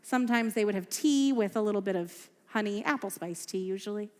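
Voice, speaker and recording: In a synagogue sanctuary, a woman tells a story to children at a family service, playfully quizzing them with questions. Her mid-range voice is fairly quick and darkish in tone, and the echoey hall carries faint music.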